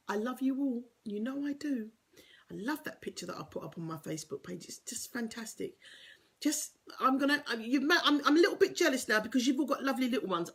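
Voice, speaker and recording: A woman's voice: medium pitch, fairly bright tone, breathy edge. A woman life coach chatting casually and playfully to viewers on a live video stream, teasing them and laughing often. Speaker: life coach and motivational speaker. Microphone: webcam or phone on a live video stream.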